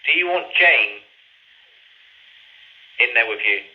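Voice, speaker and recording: A man's voice: medium pitch, expressive, lo-fi sound. Polite man calling to spirits. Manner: polite, measured, repeats requests with please. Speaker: paranormal investigator.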